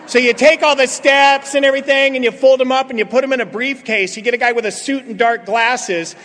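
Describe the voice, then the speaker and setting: High-voiced joking man in a hall. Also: sharp tone. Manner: joking, storytelling, acts out dialogue. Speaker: speaker at a recovery meeting. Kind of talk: humorous recovery talk to an audience. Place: meeting hall. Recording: reverberant hall, audience laughter.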